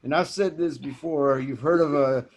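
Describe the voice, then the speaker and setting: A fairly high, husky-voiced man. He co-hosts a casual podcast, working through his points with halting restarts. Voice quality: halting, repeats words. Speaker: podcast co-host. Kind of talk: casual chat.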